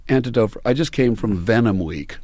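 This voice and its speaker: A man talks in a loose, rambling way, often restarting his sentences and leaning on filler words. His pitch sits in an ordinary middle range. The sound is dry and close. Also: lively intonation, a little fast, a little mellow, no echo. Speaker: musician and startup founder. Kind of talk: casual conversation.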